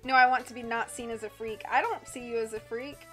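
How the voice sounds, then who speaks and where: Casual, chatty woman reading on a live stream, bright and higher-voiced, faint music behind. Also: fairly even intonation, fairly quick. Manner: chatty, giggly, casual with viewers. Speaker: audiobook reader and live streamer. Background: faint background music.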